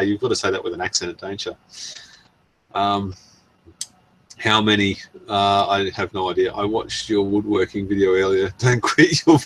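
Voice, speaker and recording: A man's voice: on the low side, moderate pace, a little hiss or hum. Chuckling man on a live stream. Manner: rambling, chuckling, reading viewer comments aloud. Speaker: channel host. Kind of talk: casual live-stream chat.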